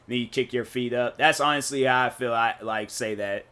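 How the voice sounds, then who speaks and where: A man's voice: mid-range voice, moderate pace, bright, forceful tone, clean tone. A man streaming a game, chatting in a casual, rambling, slangy and joking way. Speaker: gaming streamer. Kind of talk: casual live-stream chat while playing.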